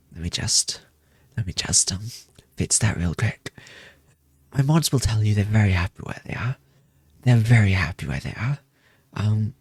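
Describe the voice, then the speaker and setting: Husky playful young male streamer. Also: on the low side, no echo. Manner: rambling, playful, self-deprecating, repeats phrases. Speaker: VTuber streamer. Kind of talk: casual debut stream chat.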